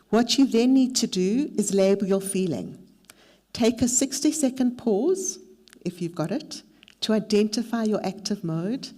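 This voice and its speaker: A woman's voice: mid-range voice, warm tone. A middle-aged woman leading a mentorship workshop, mixing practical advice with a candid, self-deprecating personal story. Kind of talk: workshop talk with personal anecdote.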